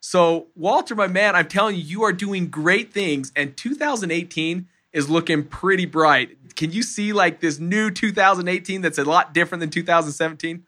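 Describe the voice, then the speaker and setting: A man's voice: high-pitched, normal speed, few pauses, sharp tone. A man hosting a podcast, enthusiastic and encouraging as he talks to his guest. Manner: hyped, encouraging, laughs often. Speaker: podcast host.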